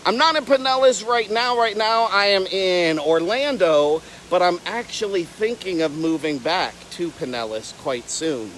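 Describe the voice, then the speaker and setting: A man's voice: sits high, a little slow, few pauses, fairly bright tone, a little hiss or hum, rough recording. A young man from Florida who keeps alligators, chatting playfully on a casual outdoor livestream and wandering off on tangents. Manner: playful, rambling, jumps between tangents. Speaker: reptile keeper livestreaming.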